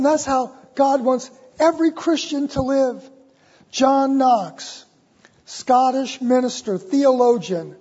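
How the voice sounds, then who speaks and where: A man preaching a sermon in a church, impassioned and urgent, repeating his words and swinging between loud and hushed. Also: high voice, husky. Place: church sanctuary. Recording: dull recording with long church reverb.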